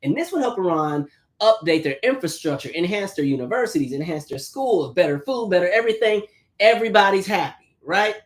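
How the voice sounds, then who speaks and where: A man hosting a casual commentary chat. He talks conversationally, keeps asking "right?", and slips into quick mocking voices. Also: sits high, expressive. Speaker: host.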